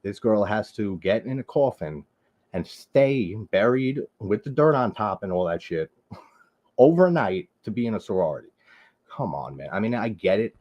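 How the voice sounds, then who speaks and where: A man's voice: on the low side, lively intonation, moderate pace, lo-fi sound. A man from Long Island, hosting a live horror movie stream and chatting casually with viewers. He rambles, drops "like" constantly and swears freely. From Long Island, New York.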